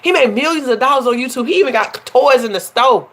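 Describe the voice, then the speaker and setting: A woman's voice: high voice, expressive, quick pace, hardly any pauses, a bit bright. A woman hosting a casual livestream, chatting with viewers, laughing often and calling them y'all. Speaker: life coach and livestream host.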